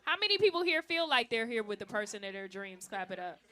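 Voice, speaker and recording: A woman in her thirties doing a stand-up comedy set, brash and teasing the crowd, with loud acted-out bits. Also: on the high side, very animated, fast talker, a little hiss or hum. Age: 30s. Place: comedy club stage. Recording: live club recording with crowd. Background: audience laughter.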